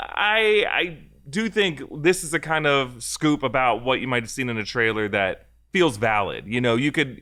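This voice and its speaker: A man's voice: medium pitch, bright, forceful tone, smooth. A man co-hosting a movie rumor show, chatting casually with lots of fillers and restarts. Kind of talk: casual podcast chat.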